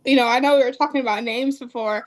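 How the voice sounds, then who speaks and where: A woman's voice: high-pitched, steady tone, fast talker. A woman co-hosting a podcast, teasing her guest in casual chat. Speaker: podcast co-host.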